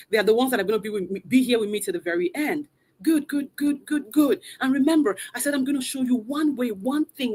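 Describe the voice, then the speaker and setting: A woman's voice: on the high side, husky. A woman, a mother of three, hosting a live online motivational session from a room at home. She speaks with energy, urging her audience again and again. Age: adult mother of three. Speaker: motivational coach hosting a virtual event. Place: room at home, not a studio.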